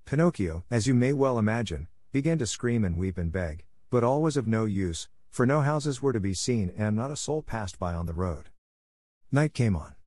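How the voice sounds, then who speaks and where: A man narrating a classic children's story in a steady, even reading. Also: on the low side, normal speed, dry recording, studio quality. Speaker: audiobook narrator.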